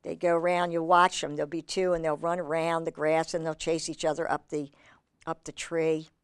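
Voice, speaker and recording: Animated woman reading to children. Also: low voice, moderate pace, clear, resonant tone, no echo. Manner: animated, exclamatory, chatty asides. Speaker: children's storyteller. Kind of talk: reading a picture book aloud to children.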